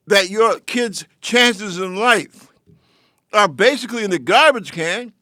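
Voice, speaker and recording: A man's voice: high-pitched, bright, forceful tone, dry recording. A man hosting his own show, giving an impassioned, confrontational political commentary that speaks straight to his listeners. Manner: lecturing, confrontational, addresses listeners directly.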